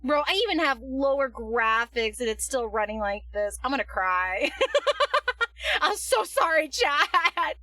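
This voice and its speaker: Giggly high-voiced woman streamer. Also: very animated, a little slow, dry recording, recorded from a distance, poor audio. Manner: giggly, self-mocking, cheering loudly at the screen. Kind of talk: casual live-stream commentary. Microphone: headphones on, desk mic.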